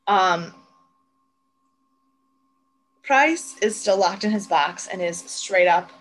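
A woman's voice: medium pitch, lively intonation, takes it slowly, a bit bright, a little hiss or hum, poor audio. A woman co-hosting a podcast, chatting casually as she recaps TV scenes, swearing freely and acting out the lines she quotes. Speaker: podcast co-host.

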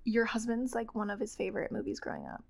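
A woman co-hosting a podcast who chats casually and quickly, often agreeing with her co-host. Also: on the high side, wildly swooping pitch, vocal fry, a little mellow. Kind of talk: casual book-club chat.

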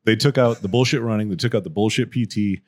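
A man's voice: lowish voice, fast talker. A man co-hosting a podcast, telling rowdy stories in a casual, profane way and laughing as he goes. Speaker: podcast co-host. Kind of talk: casual storytelling.

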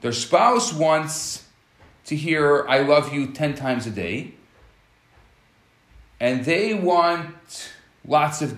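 A man gives an explanatory talk, acting out little scenes as he goes. His voice sits fairly high and moves a lot in pitch. The room adds a clear echo. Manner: animated, explanatory, acts out scenarios. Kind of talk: relationship teaching talk.

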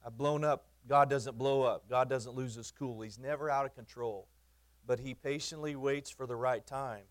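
A male pastor preaches in a conversational sermon style, leaning on emphasis and often repeating or restarting his phrases. His voice sits at a middling pitch, and he throws in light, teasing asides to the people listening. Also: steady tone, moderate pace.

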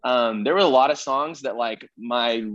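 A man's voice: medium pitch, moderate pace, a bit bright, lo-fi sound, a little hiss or hum. Joking young man musician guest. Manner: jokey, self-deprecating, rambling. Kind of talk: casual interview chat.

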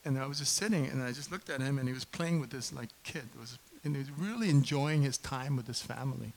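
A middle-aged man preaching a casual sermon in a church, chatty and self-deprecating, bursting into loud impassioned preaching when he gets going. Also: mid-range voice, fast, gravelly, rough recording. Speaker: pastor. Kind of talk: conversational sermon.

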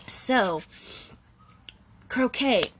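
Slow, easygoing woman host. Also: a little high, animated, a little hiss or hum. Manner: slangy, swears, many "like" fillers. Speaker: podcast host. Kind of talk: casual storytelling.

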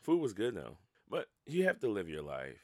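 Deep, gravelly man hosting a solo podcast. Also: wildly swooping pitch, moderate pace, mellow, no room sound, clean studio sound. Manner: rambling, self-mocking, laughs at his own stories. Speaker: podcast host. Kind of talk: casual solo podcast monologue.

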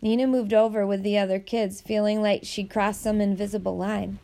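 A woman's voice: medium pitch, flat delivery, normal speed, gravelly, mellow. A woman narrating a novel aloud, reading the dialogue with light character shifts. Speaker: audiobook narrator.

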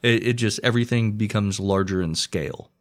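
A man's voice: lowish voice, brisk. A man co-hosting a casual podcast, chatting in wry, rambling asides. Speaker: podcast co-host. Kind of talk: casual chat.

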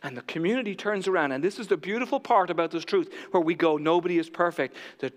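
A man preaching a sermon from the pulpit, moving between loud proclamation and hushed near-whispers. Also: high voice, quick pace, in a large hall. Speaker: pastor. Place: church sanctuary.

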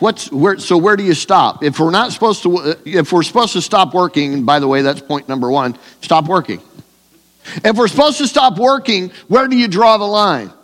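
A man's voice: high voice, a bit bright, big-room sound. A man preaching a sermon in a conversational way, with fillers and restarts. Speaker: pastor.

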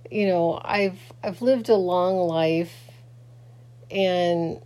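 A middle-aged woman talking casually and haltingly to her camera late at night, grieving and rambling with many fillers and restarts. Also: on the low side, dark tone. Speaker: vlogger. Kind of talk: casual personal talk to camera.

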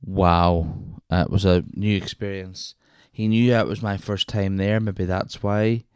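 Deep-voiced Northern Irish man rambling. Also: fairly even intonation, measured pace, darkish tone, clean tone, no room sound, studio quality. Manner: rambling, chatty, self-interrupting with wee asides. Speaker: podcast host. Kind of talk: casual solo storytelling.

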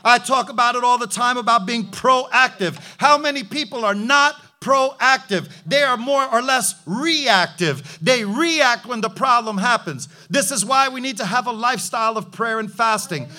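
Brief: emphatic male preacher with a very high, bright, forceful voice. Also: normal speed, hardly any pauses. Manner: emphatic, rhetorical, calls for amen. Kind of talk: sermon.

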